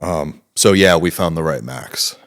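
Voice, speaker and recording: This is a man in his thirties with a deep, low-set voice. He talks as a guest in a relaxed interview, rambling through anecdotes with plenty of fillers. His speech is casual and peppered with profanity. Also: measured pace, creaky.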